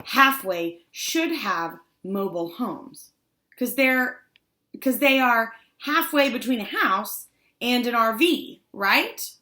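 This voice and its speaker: A woman's voice: fairly high pitch, lively intonation, slow, pushed and bright, pitched above the performer's own voice, exaggerated voice. A woman voicing a blunt, tomboyish fifth-grade girl who stumbles over her words, in an audiobook. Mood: awkward. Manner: hesitant, stumbling.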